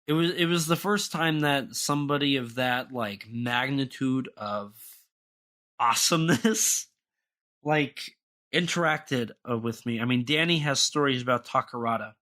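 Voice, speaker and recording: Halting, bright-voiced young man. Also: mid-range voice. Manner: rambling, halting, many restarts and fillers. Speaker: podcast co-host. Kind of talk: casual podcast chat.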